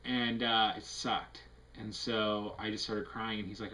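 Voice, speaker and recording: A man's voice: lowish voice, flat delivery, moderate pace, bright, forceful tone, a little hiss or hum, poor audio. A man giving a casual, candid health update to a webcam, rambling through fillers and restarts in an earnest way. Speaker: vlogger.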